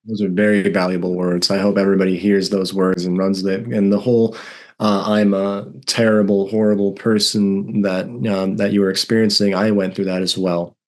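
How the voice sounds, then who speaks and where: A man's voice: deep voice, little pitch movement, moderate pace, a little mellow. A man in his thirties, a guest telling his own story in a candid, earnest and emphatic way. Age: 30s. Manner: earnest and emphatic, reliving strong emotions.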